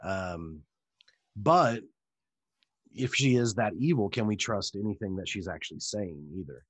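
A man's voice: lowish voice, lively intonation, measured pace, slightly rough, dry recording. A man co-hosting a casual recap chat, thinking aloud with some hesitation. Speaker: podcast co-host.

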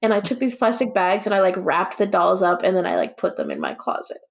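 A woman's voice: medium pitch, huge pitch swings, a little fast, creaky. A young woman co-hosting a podcast, telling stories in a casual chat with a sarcastic streak and lots of "like". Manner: storytelling, sarcastic, says "like" a lot. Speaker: podcast co-host.

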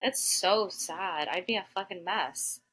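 A woman's voice: fairly low pitch, unhurried, a bit bright, breathy edge, poor audio. A woman co-hosting a podcast in casual chat, supportive and swearing freely. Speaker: podcast co-host.

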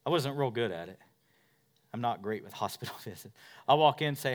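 A middle-aged male pastor preaching a sermon, swinging between loud forceful preaching and soft, quiet storytelling, with self-mocking humor. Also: mid-range voice, lively intonation, a little fast, pauses often.

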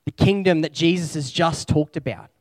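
Guy preaching a sermon, kinda high voice, chatty and reflective, dry close sound. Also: normal speed, dry recording. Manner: conversational, reflective, with spoken lists.

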